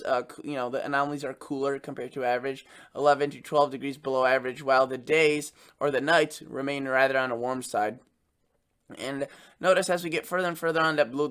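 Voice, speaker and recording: A man's voice: on the high side, fairly bright tone. A man hosting his own weather channel, talking unscripted through forecast maps with plenty of fillers and restarts. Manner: halting, many fillers and restarts.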